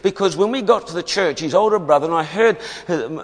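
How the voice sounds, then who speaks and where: A man preaches a testimony sermon. He tells it as an emphatic story in a voice on the higher side. A long reverb from a large hall hangs on every phrase. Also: brisk, breathy edge. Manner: storytelling, emphatic, often laughing.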